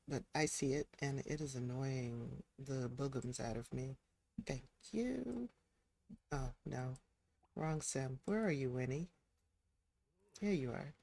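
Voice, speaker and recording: Gravelly, chatty game streamer. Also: mid-range voice, normal speed, darkish tone. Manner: chatty, talks to the game characters. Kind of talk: casual live-stream commentary while playing.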